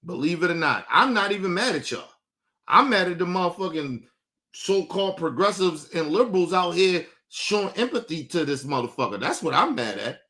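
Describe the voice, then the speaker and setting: High, bright-voiced profane streamer. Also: male voice. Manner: combative, profane, mocking, addresses chat directly. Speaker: livestream host. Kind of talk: profane livestream rant to chat. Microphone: streaming setup mic.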